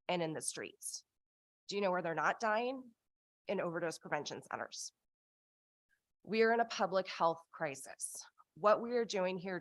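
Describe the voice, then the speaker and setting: Woman from canada testifying on a video call, low-ish voice, dry sound, earnest and fired up. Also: a bit bright, dry recording. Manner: earnest, impassioned, slows for emphasis. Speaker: program director giving public testimony. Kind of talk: public hearing testimony.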